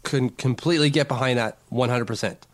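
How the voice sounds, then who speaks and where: A man's voice: mid-range voice, a little fast. A man co-hosting a casual sports podcast, rambling and restarting his sentences often. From not from Long Island. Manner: rambling, self-correcting, stammers on restarts. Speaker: podcast co-host.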